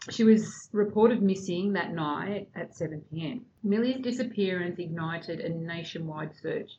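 A woman with a fairly low voice walks her friends through a true-crime case in a subdued, chatty way. Her voice comes through a dull, lo-fi recording. A faint hiss sits underneath. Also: darkish tone. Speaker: podcast host telling the case. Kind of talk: casual true-crime podcast chat. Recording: dull lo-fi sound with faint noise.

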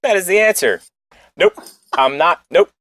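A man's voice: sits high, animated, moderate pace, a bit bright, dry recording. A man co-hosting a casual online show, reacting to clips with wry jokes. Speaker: podcast co-host. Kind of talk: casual chat.

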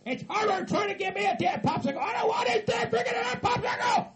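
A man voicing a paranoid, furious hillbilly who yells curses nonstop in a raspy, screeching voice. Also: very high-pitched, lively intonation, normal speed, a loud crowd, voice pushed up. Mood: ranting. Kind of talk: hobby comedy skit acting.

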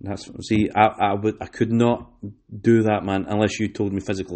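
Scottish guy hosting a chatty podcast, lowish voice, rambles and restarts a lot. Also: steady tone, a little fast, darkish tone. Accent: Scottish, West Lothian. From Scotland. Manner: rambling, many fillers and restarts. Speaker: podcast host. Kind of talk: casual chat.

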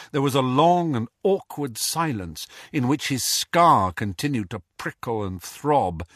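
A man narrating an audiobook in an expressive storytelling style. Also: on the high side, no room sound, clean studio sound. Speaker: audiobook reader. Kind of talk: scripted narration.

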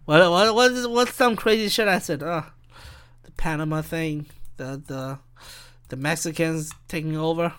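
A young man with a high, bright, crisp voice talks alone on his podcast. He rambles from thought to thought, swears freely and keeps stopping to restart his sentences. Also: moderate pace. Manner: rambling, profane, self-interrupting. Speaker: podcast host. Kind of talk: rambling solo podcast monologue.

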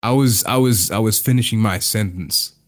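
A man's voice: fairly low pitch, moderate pace. A young man hosting a casual podcast, rambling and hesitant with plenty of fillers. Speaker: podcast host.

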